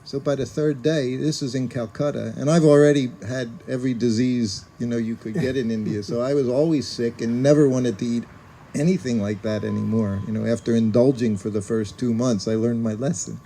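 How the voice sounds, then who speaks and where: An older man telling personal memories in a casual, animated way, acting out the lines of people he quotes. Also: fairly quick, slight background noise. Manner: animated, acts out quoted voices with rising pitch. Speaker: speaker recounting memories as a former personal servant. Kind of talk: casual storytelling talk.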